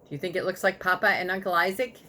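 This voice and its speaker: A woman reading a children's storybook aloud to a child, telling it in an expressive, animated way. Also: lowish voice, fast talker, a little hiss or hum. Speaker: reader.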